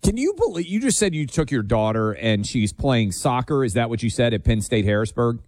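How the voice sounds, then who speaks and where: Male host, emphatic, incredulous, mid-pitched voice, dry close sound. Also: sing-song, brisk, a little mellow, no room sound. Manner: emphatic, incredulous, leading questions. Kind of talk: political talk show.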